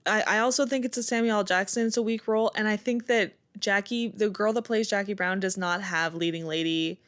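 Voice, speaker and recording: A woman's voice: mid-range voice, steady tone, fairly quick, a bit bright. A woman co-hosting a movie review podcast in casual chat, giving blunt, opinionated critiques. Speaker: podcast co-host.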